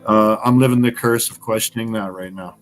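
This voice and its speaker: A man from Canada, a podcast guest, talking bluntly in casual conversation with heavy swearing and sudden animated bursts. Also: fairly low pitch, brisk, soft background music.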